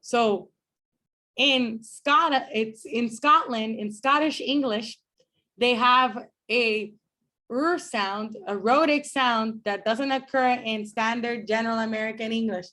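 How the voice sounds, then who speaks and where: Woman professor, slightly higher voice, slow and explanatory, classroom lecture with sounds modeled out loud. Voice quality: explanatory, demonstrates speech sounds slowly. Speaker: phonetics professor. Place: classroom with students.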